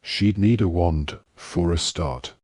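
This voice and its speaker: A man voicing an excitable wizard official who talks breathlessly in rapid questions. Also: deep voice, slightly rough, dry recording, clean studio sound, heavily acted. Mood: agitated.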